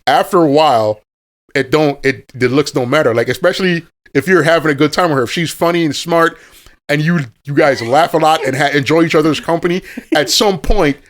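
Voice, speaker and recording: A man's voice: on the high side, brisk. A man co-hosting a podcast in casual chat, insistent and emphatic, laughing often and using street slang. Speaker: podcast co-host.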